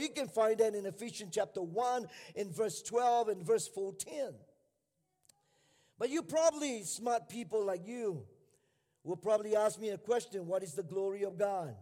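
A man preaching a sermon to a church, building to fervent shouting, in a large hall with long reverb. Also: high-pitched, normal speed. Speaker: pastor.

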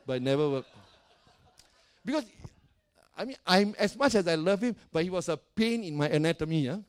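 A man preaching a sermon as pastor of a church, calling out to the congregation and swinging between soft and loud. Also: high voice, lively intonation, fairly quick, clear, resonant tone. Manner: preaching with call-and-response and dramatic swings in volume.

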